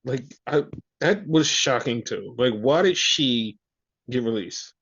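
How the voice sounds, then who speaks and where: A man's voice: medium pitch, animated, takes it slowly, a bit bright, a little hiss or hum. A man hosting a podcast, ranting in casual chat with frequent profanity and exasperation. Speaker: podcast host. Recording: dull lo-fi audio.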